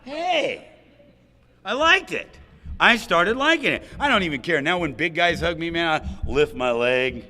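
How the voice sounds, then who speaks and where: A man's voice: on the high side, animated, moderate pace, few pauses, sharp tone. A man sharing his recovery story at a gathering, candid and funny, with asides to the audience. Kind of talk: personal recovery talk at a roundup. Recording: hall reverb.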